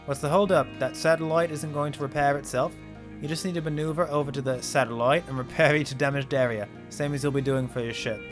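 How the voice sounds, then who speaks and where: A man's voice: on the high side, fairly even intonation, quick pace, over music, lightly acted. A man reading the lines of a teasing veteran male flight coach from a space game, in a wry, plain voice.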